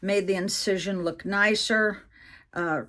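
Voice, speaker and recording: A woman's voice: medium pitch, steady tone, measured pace, fairly bright tone. A woman in her sixties, a vlogger chatting candidly to her viewers, telling a personal story with plenty of fillers and asides. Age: 60s. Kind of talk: casual storytelling to camera.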